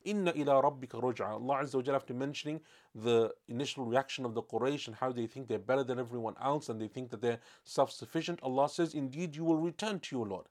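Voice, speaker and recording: A man teaching a religious lesson, telling stories and acting out the quoted speech with lively emphasis, reciting Arabic verses quickly. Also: mid-range voice. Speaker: Islamic teacher.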